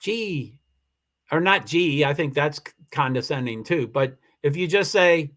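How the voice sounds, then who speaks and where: A man hosts a casual livestream, reading and answering viewer comments while rambling, upset, near tears and repeatedly restarting. His fairly high voice has lively intonation and a fairly bright tone at a normal speed. He's on a computer mic for the live stream.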